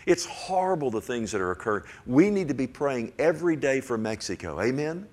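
An older man preaching a sermon in a folksy, rambling way, often asking the congregation "amen?" and swinging from hushed to loud and emphatic. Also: mid-range voice, very animated, brisk.

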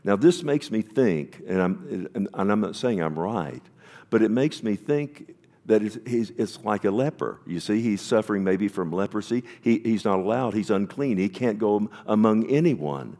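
Preacher guy, kinda low voice, reads a verse then chats about it with the folks. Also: expressive, normal speed, warm tone. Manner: reads scripture aloud and stops to comment, asks the congregation questions. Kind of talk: sermon.

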